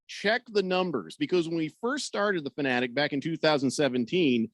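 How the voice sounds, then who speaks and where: A man's voice: fairly high pitch, moderate pace, no echo. A man hosting sports talk radio in a studio, joking around and reading out listener comments. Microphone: studio microphone.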